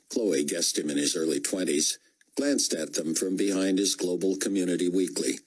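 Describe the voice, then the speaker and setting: Brief: low-voiced male narrator, husky texture, lively inflection. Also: low-quality recording. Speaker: audiobook narrator. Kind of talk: scripted narration.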